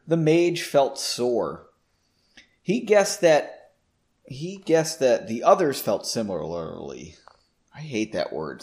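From his basement studio at home, a podcast host with a mid-range voice reads aloud a story of his own. He keeps interrupting himself with self-mocking jokes.

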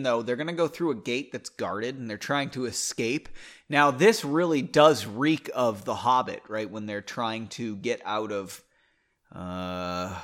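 A man's voice: medium pitch, fairly bright tone. A man reading his own novel aloud, stopping for rambling, self-deprecating asides. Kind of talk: audiobook reading with casual asides.

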